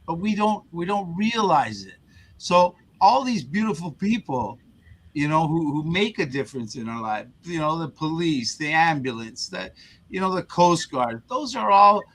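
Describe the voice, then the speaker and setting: A man's voice: a little high, big pitch swings, normal speed, a bit bright, breathy edge, low-quality recording. A man who is a guest on an interview show earnestly recounts a personal story, often repeating words and restarting his sentences. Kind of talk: conversational storytelling.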